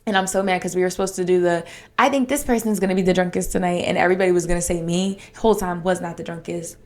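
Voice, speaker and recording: A woman's voice: fairly low pitch, steady tone, fast, a little mellow. A young woman hosting her own podcast, talking casually and candidly with lots of "like" fillers and a lilt. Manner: rambling, frequent "like" fillers, candid and emotional. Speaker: podcast host. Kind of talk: casual solo podcast chat.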